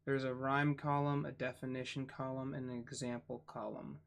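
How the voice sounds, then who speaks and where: A man reading a book aloud for his channel, spelling out words letter by letter and adding quiet asides. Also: medium pitch, little pitch movement, normal speed, vocal fry. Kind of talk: casual read-aloud.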